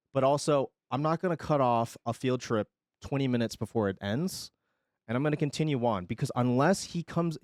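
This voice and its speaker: Swearing, animated male streamer telling a story. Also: medium pitch, dry recording, clean studio sound. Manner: animated retelling, swings loud and quiet, swears freely. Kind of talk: casual storytelling to stream chat.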